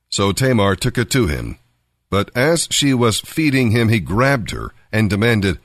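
Male narrator, low voice, lively expressive reading, dry close mic. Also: a little slow, no echo. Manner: expressive storytelling. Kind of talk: scripted narration of a Bible story.

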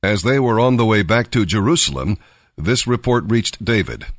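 A man narrating a Bible story in an expressive storytelling manner. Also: on the low side, normal speed, no echo, clean studio sound.

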